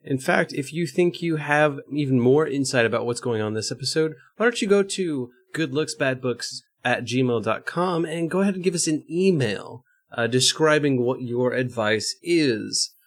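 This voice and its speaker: A man's voice: mid-range voice, expressive, moderate pace, hardly any pauses. A man co-hosting a podcast, chatting casually with earnest explanations and hesitant fillers, then reading the outro. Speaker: podcast co-host. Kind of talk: casual chat.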